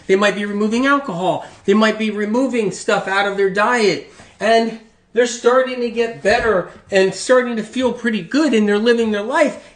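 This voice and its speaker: High-voiced man talking emphatically in a roomy space. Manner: emphatic, repetitive, rambling. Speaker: health speaker. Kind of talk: informal spoken talk.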